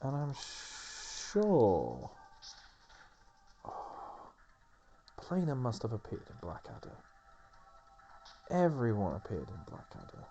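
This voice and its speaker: A man's voice: mid-range voice, wildly swooping pitch, takes it slowly, pauses often, dark tone, soft background music. A man rambling casually over gameplay as a let's play host, with lots of fillers and restarts. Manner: rambling, filler-heavy chatter.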